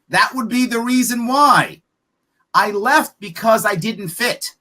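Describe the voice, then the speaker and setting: A man's voice: very high voice, slow pace, bright, forceful tone. A man being interviewed on a podcast as a political candidate, talking emphatically and bluntly, firing off rhetorical questions. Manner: profane, frank.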